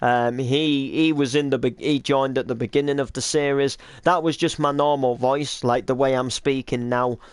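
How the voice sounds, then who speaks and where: Rambling man, clear voice. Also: mid-range voice, steady tone, normal speed, hardly any pauses, dry recording. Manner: rambling, hesitant with many restarts. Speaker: roleplay series creator and cameraman. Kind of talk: casual chat.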